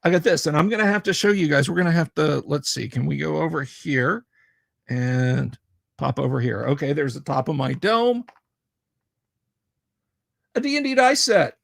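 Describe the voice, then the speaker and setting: A man's voice: on the high side, expressive, normal speed, creaky, no room sound. A man hosting a casual livestream, chatting with viewers in a rambling, jokey way. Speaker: livestream host.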